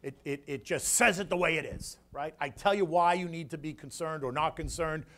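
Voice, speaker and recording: A man from the United States, a floor broker speaking as guest, telling a story in a rambling, animated way that repeats his words. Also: fairly high pitch, brisk. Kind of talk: casual emotional storytelling talk.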